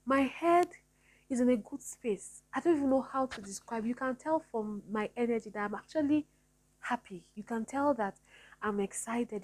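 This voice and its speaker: A woman's voice: a little high, darkish tone, husky, rough recording. A woman talking earnestly to her viewers in a personal vlog, repeating her points to encourage them. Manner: earnest, repetitive, encouraging, faith-filled. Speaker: vlogger.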